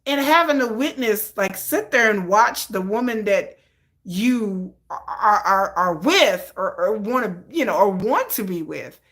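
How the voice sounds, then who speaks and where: A woman's voice: medium pitch, a bit bright. A woman hosting a live stream, chatting casually and rambling through her fan fiction with frequent restarts.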